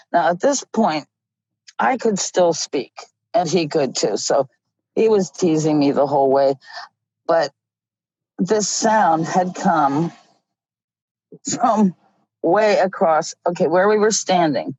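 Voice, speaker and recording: Middle-aged woman, low voice, slow unhurried storytelling, dull dry lo-fi sound. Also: no echo. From Ohio. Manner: slow, animated storyteller who laughs often. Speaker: guest. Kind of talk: casual storytelling. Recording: dull lo-fi audio.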